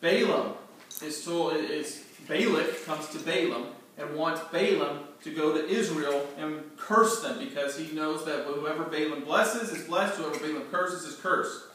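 A man's voice: on the high side, unhurried, a bit bright. A man teaching a storytelling Bible lesson to a group, acting out scenes and quizzing his listeners. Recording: echoey room, distant mic, faint noise.

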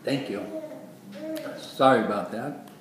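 A man preaching a sermon in an earnest, animated way, acting out quoted voices, with a dry throat after surgery. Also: medium pitch, slow. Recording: echoey room, far from the mic, noisy.

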